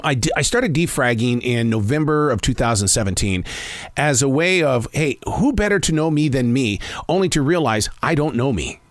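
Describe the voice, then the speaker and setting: A man's voice: mid-range voice, fairly bright tone, dry recording. A man in his fifties hosting his own podcast. He talks in a rambling, self-reflective way with frequent stammered restarts. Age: 50s. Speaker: podcast host. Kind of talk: casual solo podcast monologue.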